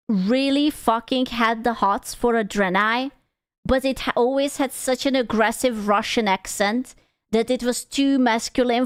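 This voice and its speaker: A woman's voice: fairly high pitch, smooth, no room sound, clean studio sound. A woman streamer reacting to a video in casual, rambling chat, swearing freely and joking as she goes.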